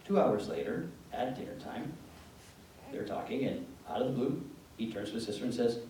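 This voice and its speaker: A man with a Canadian accent giving an informal talk to parents, a lively storyteller who acts out dialogue in changed voices. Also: medium pitch, moderate pace. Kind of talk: informal lecture with acted-out anecdotes. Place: meeting room, large and echoey. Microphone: room mic from a distance. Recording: echoey room from a distance, faint noise.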